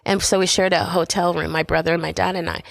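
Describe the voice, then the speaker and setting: A middle-aged woman from Canada, a podcast guest sharing a personal faith story in animated conversation. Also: on the low side, quick pace, vocal fry, no room sound. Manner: animated storytelling, acting out voices in quotes.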